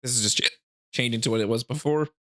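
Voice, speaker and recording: A man talking casually through game rules for his channel, in a mid-pitched voice. He rambles with many restarts and small laughing asides. He has the hiccups. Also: fast talker, a bit bright. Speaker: gaming channel host. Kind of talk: casual rules breakdown commentary.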